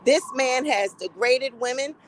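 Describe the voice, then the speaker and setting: A woman with a high voice talks in an unfiltered, profane way, with an animated, gossipy edge. She sounds middle-aged and speaks as a commentator holding forth to her viewers. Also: measured pace, slight background noise, low-quality recording. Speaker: commentary vlogger. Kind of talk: casual opinion commentary.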